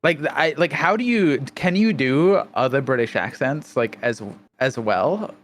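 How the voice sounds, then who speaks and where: A man's voice: on the high side, lively intonation, unhurried. Laid-back male panel guest, faint hiss. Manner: easy, laughs often, thoughtful asides. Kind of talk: casual roundtable chat.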